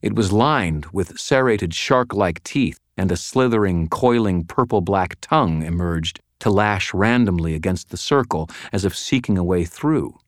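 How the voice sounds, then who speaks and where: A man giving scripted first-person audiobook narration in a dry, even storytelling delivery. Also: low-pitched, measured pace, few pauses, dry recording. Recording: dry close studio mic.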